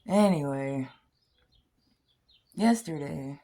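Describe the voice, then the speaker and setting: A woman's voice: medium pitch, measured pace, pauses often, a little mellow, soft background music. A woman host telling stories in a casual chat. She giggles often, swears freely and drops into whispers now and then. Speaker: poet and podcast host.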